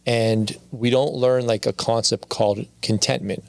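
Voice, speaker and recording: A man's voice: medium pitch, fairly even intonation, unhurried, vocal fry, darkish tone, no room sound. A man speaking as a podcast guest, telling his story in a candid, confessional way and often repeating his phrases.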